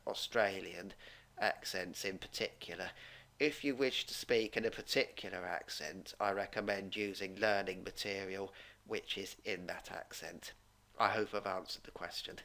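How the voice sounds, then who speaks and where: Low, measured male English teacher. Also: a bit bright. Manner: measured, explanatory, formal. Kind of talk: online Q&A session.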